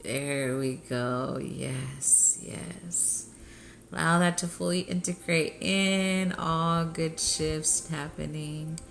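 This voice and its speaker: A woman leads a live energy healing session in an unhurried, tearfully emotional way, breaking into soft laughs. Her voice sits a little low and carries a gravelly fry. Faint music plays underneath. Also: steady tone. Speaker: spiritual healer hosting a live session. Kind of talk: live-streamed energy healing with chanted light language.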